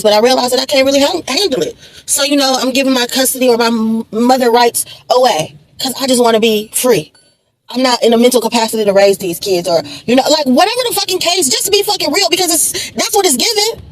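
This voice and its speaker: A woman with a high, bright voice delivers a ranting reaction commentary. She is blunt and profane, and she sounds fed up. Her pitch sits well above the usual for a woman. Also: low-quality recording. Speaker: commentary vlogger.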